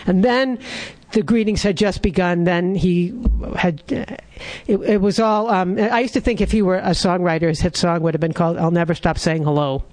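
A man's voice: sits high, fairly even intonation, moderate pace, a little mellow. A man reading his own humorous story aloud, then chatting about it in a wry, conversational way. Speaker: author.

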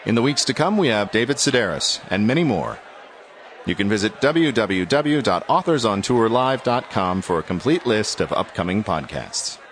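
A man's voice: on the low side, very animated, moderate pace, a bit bright, a faint crowd, a little hiss or hum. A man reading a scripted podcast introduction in an announcer style. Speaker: podcast host.

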